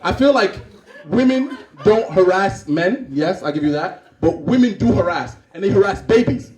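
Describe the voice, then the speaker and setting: A man from Cameroon doing stand-up comedy, animated and acting out scenes. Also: sits high, moderate pace. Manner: animated, acts out scenes and voices. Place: comedy club stage. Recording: roomy club, far from mic, audience laughing.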